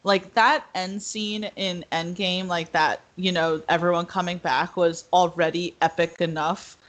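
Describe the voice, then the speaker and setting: Brief: woman podcast co-host, slightly low voice, animated chat, laughs a lot. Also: unhurried. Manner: animated, laughs often, acts out quotes. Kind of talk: casual chat.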